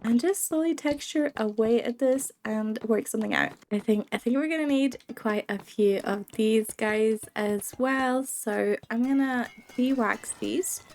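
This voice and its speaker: With hardly any pauses, a young woman talks a little slowly in a slightly high, mellow voice, her cold audible. She's recording casual let's-play commentary for her gaming videos, giggling and chatting to the game's creatures.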